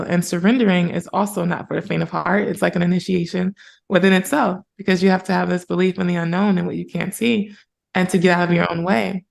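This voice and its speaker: A woman speaking as a spiritual mentor and podcast guest, in casual conversation, earnest and animated as she retells moments. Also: on the low side, creaky.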